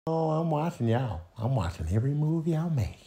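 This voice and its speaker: A man voicing a suspicious male animal who insists he is watching everyone, speaking low and insistently. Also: very animated, normal speed, dark tone. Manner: low, insistent, repeats himself.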